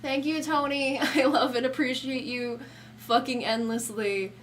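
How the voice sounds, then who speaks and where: A woman's voice: sits high, fairly even intonation, measured pace, a little hiss or hum. A young woman streamer in casual live chat who swears a lot, laughs often and scolds her cat between remarks. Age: young adult.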